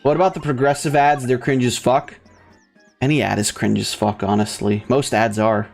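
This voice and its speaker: A man's voice: medium pitch, flat delivery, normal speed, creaky, a little mellow, soft background music. A young man hosting a gaming video, ranting in a rambling, profane way full of fillers and restarts. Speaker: gaming channel host. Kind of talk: casual ranting commentary over gameplay.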